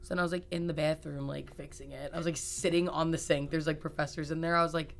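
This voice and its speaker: A woman's voice: sits low, fast talker, gravelly. A young woman hosting a podcast, telling stories in a casual, gossipy chat and acting out what people said. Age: young adult. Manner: gossipy, animated storytelling with acted quotes. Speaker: podcast host.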